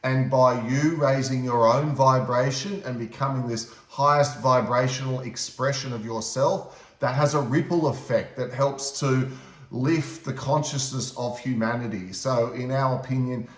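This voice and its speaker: A man co-hosting a casual talk to camera, giving measured spiritual advice with some hesitant fillers. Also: medium pitch, steady tone. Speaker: spiritual teacher and co-host. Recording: echoey room.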